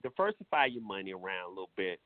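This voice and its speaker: A man's voice: low voice, very animated, fast talker, no echo. A man hosting a talk show, giving blunt, profane advice in a preachy, casual monologue. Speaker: radio show host. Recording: tinny phone-like sound.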